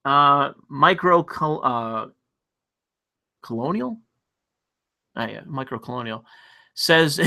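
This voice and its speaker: Man, livestream host, excitable profane rant, bright tense tone. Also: medium pitch. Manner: profane, excitable, reads chat donations aloud.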